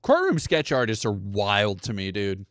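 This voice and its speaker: A man's voice: on the low side, huge pitch swings, normal speed, fairly bright tone, dry recording, clean studio sound. Profane, sarcastic male streamer. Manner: profane, sarcastic asides between read-aloud news. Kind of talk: casual live-stream commentary, reading news aloud.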